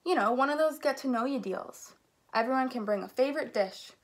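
A woman's voice: sits high, brisk. A woman voicing a bored, restless male state in a picture book, moaning about his dull life. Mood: eager. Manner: moaning, then eager.

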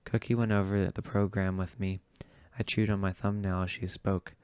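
A man reading a novel aloud in the first person, with steady, understated narration. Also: deep voice, normal speed, clear, resonant tone, dry recording. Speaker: audiobook reader.

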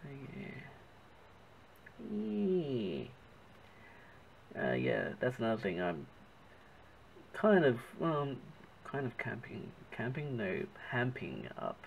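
A man's voice: medium pitch, huge pitch swings, takes it slowly, vocal fry, long pauses, phone-quality sound, slight background noise. A man with an Australian accent chatting casually as he narrates his drawing, often stopping to search for the right word. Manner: chatty, self-correcting, searches for words. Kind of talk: casual rambling commentary while drawing.

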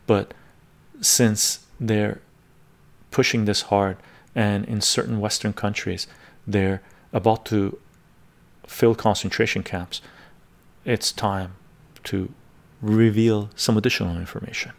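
A man's voice: on the low side, fairly even intonation, creaky. A man hosting a live stream, telling a personal story in a casual, emphatic way and often checking in with his audience. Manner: talks fast in bursts, repeats "right?".

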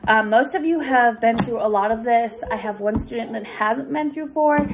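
A woman tutoring young readers, explaining reading rules patiently with many pauses and fillers. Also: fairly high pitch, noisy background. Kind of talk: recorded lesson for students.

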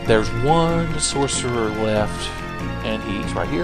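Over music, a man plays a video game and offers sarcastic, profane, easygoing let's-play commentary. He speaks at a medium pitch and a normal speed.

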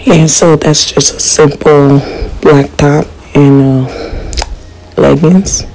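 A woman vlogger calmly narrating a voice-over about her outfits, with "um"s between the items. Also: low-pitched, poor audio. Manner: unhurried, describing clothes with fillers. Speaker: lifestyle vlogger.

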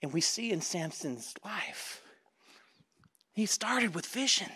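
A man preaching a sermon as pastor, talking straight to the congregation, with sudden drops to a hush and surges to loud emphasis. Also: high-pitched, very animated, slow, husky. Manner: dramatic swings between loud and hushed; conversational, addresses congregation directly.

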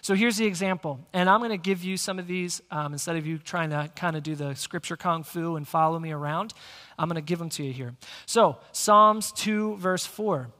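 A male pastor preaching a sermon, energetic and speaking directly to the congregation in a church sanctuary. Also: a little high, moderate pace. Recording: long church hall reverb.

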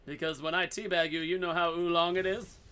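A man giving goofy, excitable commentary over his own gameplay, swearing in silly made-up phrases. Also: fairly high pitch, fairly quick, slight background noise.

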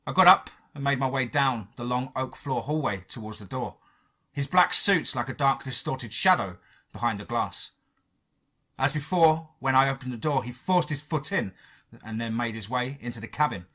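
A man narrating a first-person horror story in a dramatic, measured way. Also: medium pitch, lively intonation, pushed and bright.

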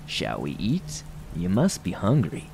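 A man's voice: sits low, wildly swooping pitch, a little slow, vocal fry, a little mellow, slight background noise, heavily acted. Man voicing a sinister sing-song toy rabbit. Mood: falsely sweet. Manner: wheezing sing-song menace. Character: sinister male stuffed toy rabbit, falsely sweet. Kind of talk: horror story narration.

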